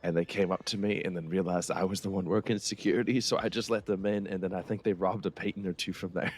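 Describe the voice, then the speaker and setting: A man's voice: low-pitched, steady tone, fast talker. A man chatting in character in a western roleplay game, telling a laid-back, profane anecdote.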